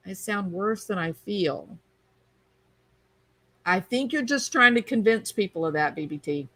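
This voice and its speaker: A woman's voice: mid-range voice, lively intonation, a little slow, bright, forceful tone, poor audio. A woman hosting a livestream, chatting casually and reading viewer comments aloud. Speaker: livestream host reading chat. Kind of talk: casual chat.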